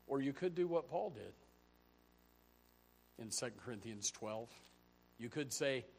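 A man preaching a sermon as a pastor, firing off rhetorical questions and swinging between hushed lines and loud, shouted peaks. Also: mid-range voice, lively intonation, measured pace, a little hiss or hum.

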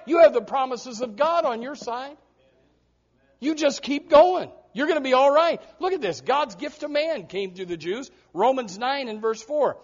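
In church before a congregation, an American male preacher sermonizes emphatically with an extremely high pitch, expressive delivery, and moderate pace. Repeated words mark his frequent restarts, and the lo-fi recording sounds dull.

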